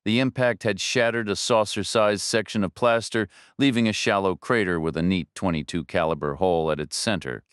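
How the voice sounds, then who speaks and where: A man narrating a thriller audiobook in a steady, measured storytelling voice on a close studio mic. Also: deep voice, smooth, no room sound. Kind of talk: scripted narration.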